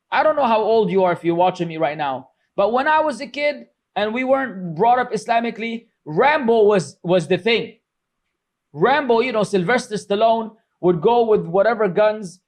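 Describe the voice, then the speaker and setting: A middle-aged man teaching a religious class, scolding and sarcastic, chatty and full of fillers as he mocks his critics. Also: high-pitched. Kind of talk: informal religious class lecture.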